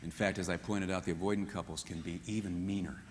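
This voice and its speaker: A man teaching a marriage seminar in an animated way, often acting out what spouses say. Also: low voice, quick pace, a little hiss or hum. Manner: animated, acts out quoted voices. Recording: echoey hall with long reverb.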